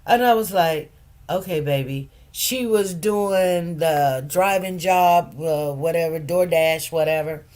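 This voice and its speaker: A middle-aged woman hosting a casual livestream chat. She tells stories with animated, preacherly emphasis and gets quiet and soft when things turn serious. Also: lowish voice, slow, few pauses. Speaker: livestream host.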